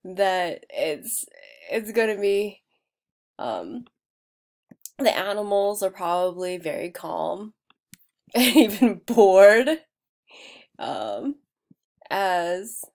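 A woman narrating her own casual vlog, rambling and laughing at herself, sometimes dropping to a soft near-whisper. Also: on the low side, sing-song, extremely slow, creaky, pauses often. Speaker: video creator.

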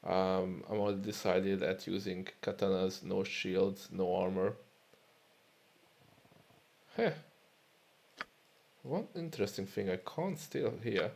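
A man's voice: deep voice, takes it slowly, vocal fry, pauses often, a little mellow. A man casually commenting while playing a game, muttering to himself and swearing often. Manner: muttering, swearing, self-amused. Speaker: let's play host.

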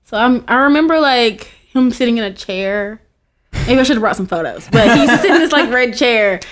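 Giggly young woman with a lively high voice. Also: fairly quick. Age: 20s. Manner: giggly, lots of "like" fillers. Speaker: guest. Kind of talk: casual podcast chat.

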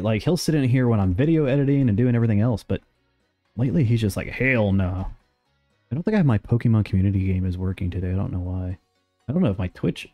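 A young man streaming a game and chatting casually, rambling along with sudden excited outbursts. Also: mid-range voice. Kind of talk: casual live gameplay commentary.

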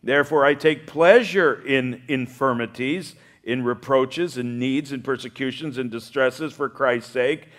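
A male pastor preaching a sermon, lively and humorous, acting out the voices of the people he quotes. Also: medium pitch, a little slow, hardly any pauses.

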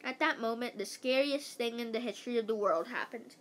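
A woman reading a children's book aloud in a halting way, stumbling and restarting words. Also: fairly high pitch. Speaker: reader.

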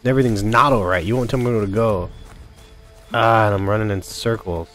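A man's voice: lowish voice, brisk, fairly bright tone, soft background music. Furious swearing man gaming. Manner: angry, frustrated, constant swearing. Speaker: gamer playing a video game. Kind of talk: let's play commentary.

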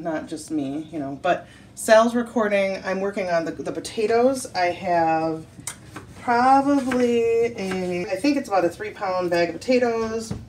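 A woman vlogger talks in a loose, chatty ramble, full of little asides and fillers. Her pitch sits in an ordinary middle range. Steady road noise hums clearly behind her voice. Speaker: cooking vlogger. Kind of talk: casual vlog chat. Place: car, then home kitchen.

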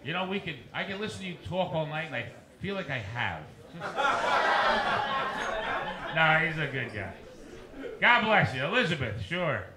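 A man performing a stand-up comedy set on a dive bar stage, doing quick crowd work and asides to the audience. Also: on the high side, heavy background noise. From New Jersey. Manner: animated crowd work, rapid asides to hecklers. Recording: echoey bar with loud rowdy crowd.

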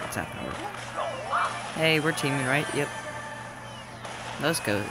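A young man casually commenting on his own game, joking and shouting at teammates. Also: medium pitch. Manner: excitable, jokey, shouts at teammates. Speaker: gameplay commentator. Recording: game music behind.

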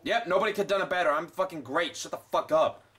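A man's voice: high-pitched, fast talker, a bit bright, husky. A young man commenting on his gameplay, swearing constantly and ranting sarcastically. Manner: profane, sarcastic, rambling. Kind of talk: let's play commentary.

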